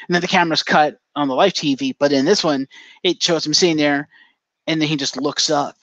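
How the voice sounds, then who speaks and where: A man with a slightly raised pitch chats on a podcast, retelling a story with animated energy and casual swearing. The sound is dry and dull, like a cheap lo-fi mic. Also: fairly quick, no echo. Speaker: podcast co-host. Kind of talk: casual chat.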